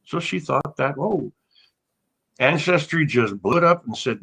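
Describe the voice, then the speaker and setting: A husky American man chatting as an interview guest, his voice swinging up and down with lively intonation. He rambles through self-mocking stories and breaks into loud laughter. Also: a little high, moderate pace, poor audio. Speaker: actor guest. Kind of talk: casual interview chat.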